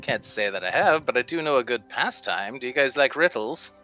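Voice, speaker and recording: A man's voice: mid-range voice, expressive, a little fast, bright, forceful tone, muffled recording, soft background music. A man playing a tabletop game, easygoing and politely formal in character. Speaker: player. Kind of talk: in-character play and narration.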